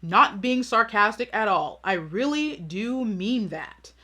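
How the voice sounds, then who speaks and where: Pushy persistent man, read by a woman, slow, flat, dismissive. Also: medium pitch, exaggerated voice. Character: pushy persistent adult man messaging online.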